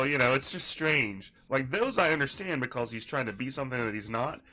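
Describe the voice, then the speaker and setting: A man's voice: mid-range voice, lively intonation, a little fast, few pauses, bright, forceful tone, soft background music. A man giving casual, rambling reaction commentary, mocking the person in the clip. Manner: rambling, mocking, laughs at his subject.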